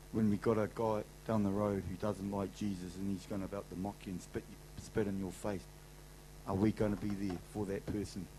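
A man's voice: lowish voice, a little hiss or hum, poor audio. A middle-aged man with a New Zealand accent, giving an emphatic, colloquial sermon testimony to a convention crowd. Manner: emphatic, colloquial, swings loud and soft. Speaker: convention speaker.

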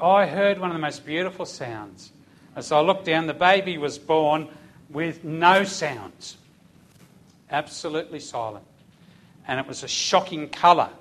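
Lively Australian man telling a testimony. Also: on the high side. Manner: lively, animated storyteller acting out voices. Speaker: police officer giving testimony. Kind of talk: storytelling testimony in church.

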